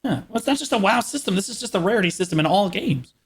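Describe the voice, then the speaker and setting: A man co-hosting a gaming podcast, ranting in an animated, opinionated way in casual chat. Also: high-pitched, fast talker, slightly rough. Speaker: podcast co-host.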